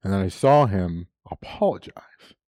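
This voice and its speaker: A man's voice: low-pitched, animated, unhurried, mellow, no room sound. A man preaching a sermon, telling a personal story with frequent laughs and moments of emotion.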